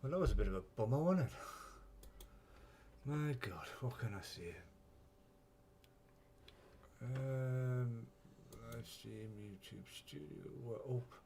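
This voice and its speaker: A man's voice: mid-range voice, animated, slow pace, long pauses, mellow, slight background noise. Chatty man live streaming. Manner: rambling, chatty, swears when flustered. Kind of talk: casual live stream chat.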